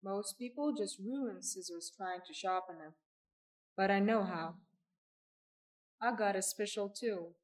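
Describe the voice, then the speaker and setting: A woman's voice: mid-range voice, a little slow, long pauses, distant mic, natural voice. A woman reading as a folksy wandering tinker man. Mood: coaxing.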